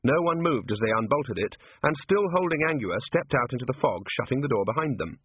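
A man reading a story aloud as scripted narration, dry and even. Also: mid-range voice, a little fast, slightly rough, dry recording. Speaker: audiobook reader. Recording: dry, tinny phone-like sound.

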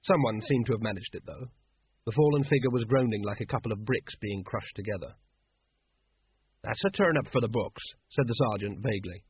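A man's voice: fairly low pitch, slightly rough, no echo. A man reading a comic fantasy story aloud, with a dry, wry narrating manner. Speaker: audiobook narrator. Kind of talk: scripted narration. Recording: phone-like narrow band.

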